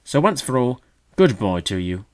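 A man's voice: medium pitch, very animated, moderate pace, pitched above the performer's own voice, close to an everyday voice. A man doing a haughty scornful magpie. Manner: scornful, lofty. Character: haughty worldly male magpie.

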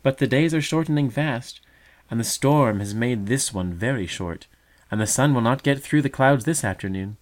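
A man's voice: medium pitch, normal speed, pitched above the performer's own voice, lightly acted. Mother bird, tender and earnest, uplifting — male narrator's raised voice. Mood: soothing. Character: gentle hopeful mother songbird.

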